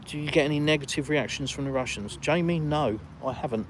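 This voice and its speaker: A retired Englishman hosting a live stream outdoors, reading out viewer comments and answering them in relaxed, chatty talk. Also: a little high, fairly quick, slight background noise. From England. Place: outdoors in a village, walking.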